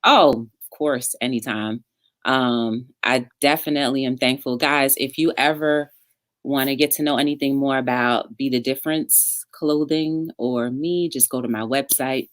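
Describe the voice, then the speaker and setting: Woman hosting an online talk show, super deep voice, dry close sound, lots of "um"s. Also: fairly even intonation, no echo. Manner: encouraging, filler-heavy, drawn-out phrasing. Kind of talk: casual online interview.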